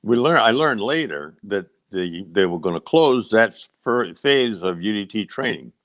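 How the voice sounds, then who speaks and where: An older man from the American South, a retired naval officer telling stories in a casual interview, rambling and halting with many fillers. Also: fairly low pitch, animated, a bit bright. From Charleston, South Carolina. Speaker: guest, retired rear admiral.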